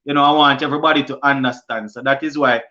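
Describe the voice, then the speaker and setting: A man's voice: mid-range voice, steady tone, quick pace, bright, forceful tone. A young man with a Jamaican accent hosting a cricket live stream, reading viewer comments aloud and answering them in a casual way. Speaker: sports channel host. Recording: lo-fi stream audio.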